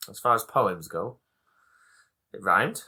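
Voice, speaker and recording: A man's voice: fairly low pitch, lively intonation, slow, bright, forceful tone, husky. A man co-hosting a comedy podcast, making brief, dry remarks. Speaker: podcast co-host. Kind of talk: casual comedy podcast chat.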